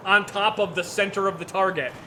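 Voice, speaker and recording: A man's voice: high voice, steady tone, brisk, background noise. A man in casual chat while playing a game, explaining guns at length and swearing casually. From United States. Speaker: gaming video host.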